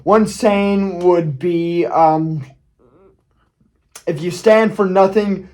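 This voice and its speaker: A man's voice: a little high, darkish tone. A man telling a personal story on his video channel, rambling and often checking in with "okay?". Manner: rambling, keeps asking "okay?", restarts, swears. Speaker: YouTuber. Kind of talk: casual storytelling vlog.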